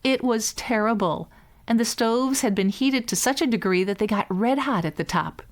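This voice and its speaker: A woman reading a fairy tale aloud as a bedtime story, in a measured, gentle way. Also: on the high side.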